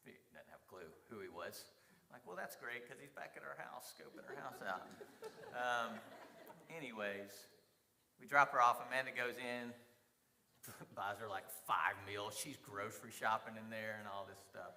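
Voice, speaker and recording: A man teaching a church Sunday class, telling a story in an animated way, often laughing and acting out the lines of the people in it. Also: on the low side, normal speed, in a large hall, slight background noise. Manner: animated, laughing, acts out quoted dialogue.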